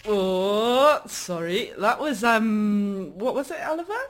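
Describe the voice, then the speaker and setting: A woman's voice: mid-range voice, lively intonation, slow pace. A woman co-hosting a live radio show, playful and rambling, who laughs often. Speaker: radio co-host. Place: radio studio.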